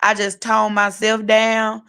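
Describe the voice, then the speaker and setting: A middle-aged woman co-hosting a laid-back podcast about faith. She talks frankly in a testifying, storytelling way, at a mid pitch for a woman. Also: monotone, takes it slowly, sharp tone, clear, resonant tone. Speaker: podcast co-host. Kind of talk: casual faith podcast chat.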